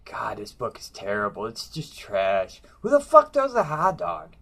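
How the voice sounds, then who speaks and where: A man's voice: medium pitch, wildly swooping pitch, measured pace, vocal fry, a bit bright. A man ranting casually about comic books in a brash, profane, mocking way. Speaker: comic book reviewer.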